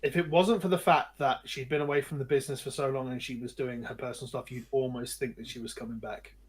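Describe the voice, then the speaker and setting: A man's voice: mid-range voice, steady tone, fast talker, slightly rough. A man co-hosting a casual podcast, giving blunt opinions and swearing freely. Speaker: podcast co-host. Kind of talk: casual wrestling chat.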